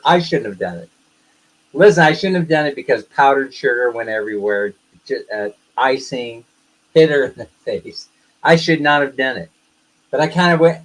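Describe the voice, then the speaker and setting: A man's voice: medium pitch, rough recording. An older American man hosting a casual livestream, telling rambling stories and laughing often. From United States. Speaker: livestream host.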